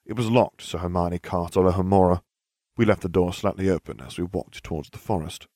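A man's voice: low voice, fairly quick, dark tone, no room sound, clean studio sound. A man narrating a first-person fantasy story aloud with wry storytelling. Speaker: audiobook narrator.

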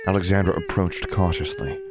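Deep-voiced man narrating a story. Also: a little fast. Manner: expressive reading, voices each character. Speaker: audiobook narrator.

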